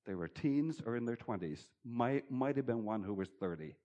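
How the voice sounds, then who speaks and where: A man preaching a sermon, swinging between loud, emphatic bursts and quiet, chuckling asides. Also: medium pitch, animated, normal speed, lo-fi sound.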